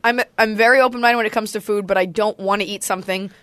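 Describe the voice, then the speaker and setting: A woman comedian on a podcast as guest, telling stories in quick, emphatic casual chat. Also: mid-range voice, steady tone, a bit bright, dry recording.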